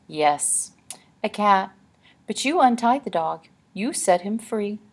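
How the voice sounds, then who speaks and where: A woman reading aloud, voicing a genteel, secretive ghost lady from a painting who speaks in a soft, prim, old-fashioned way. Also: medium pitch, animated, slow pace, husky, pitched above the performer's own voice, exaggerated voice. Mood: coaxing.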